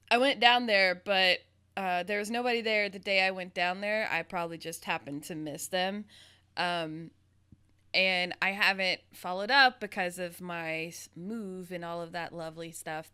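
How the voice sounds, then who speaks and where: A woman's voice: lowish voice, sharp tone, clean tone. A woman from the American South hosting a casual interview, bubbly and giggly. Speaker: podcast host, interviewer.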